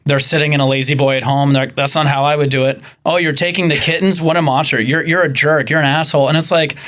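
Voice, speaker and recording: A man who works in animal rescue, a podcast guest, talking in casual chat and telling animated stories that act out the people he quotes. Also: a little high, quick pace.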